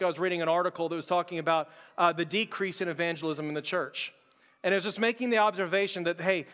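A young man preaching a sermon as pastor, conversational and joking with quick asides. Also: sits high, a bit bright, long reverb tail. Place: church sanctuary.

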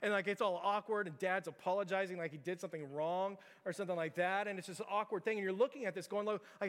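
High-voiced pastor in echoing church. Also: male voice, steady tone, fast talker, few pauses, a bit bright. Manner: informal, filler-heavy storytelling with direct challenges. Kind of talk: conversational sermon. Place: church sanctuary. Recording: reverberant church hall.

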